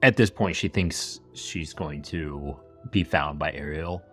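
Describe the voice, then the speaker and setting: Man, low pitch, casual storyteller, lots of "like" and asides, podcast host. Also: takes it slowly, sharp tone, faint music behind. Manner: chatty retelling full of "like" and asides. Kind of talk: casual true-crime storytelling. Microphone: camera-facing setup.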